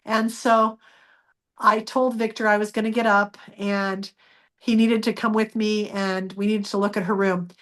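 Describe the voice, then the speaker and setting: A woman's voice: mid-range voice, level tone, unhurried, fairly bright tone. A woman guest in an interview, earnestly telling a personal story and acting out the dialogue she remembers.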